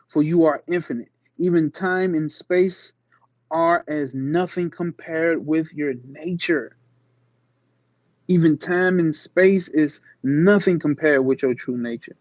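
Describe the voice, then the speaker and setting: A somewhat high-voiced man reads a spiritual text aloud, leaning hard on key phrases and often repeating them. He breaks off into loose, slangy commentary to his listeners. The recording is dry and a little dull. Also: no echo. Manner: slangy asides between slow emphatic reading. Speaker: channel host. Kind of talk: reading aloud with casual commentary.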